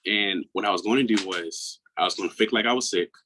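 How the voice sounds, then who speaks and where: A man in his thirties from Maryland, a guest on an interview who speaks earnestly and reflectively, often dropping into a hushed tone. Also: on the low side, quick pace, background noise. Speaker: guest, mental health coach. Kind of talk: personal storytelling in an interview.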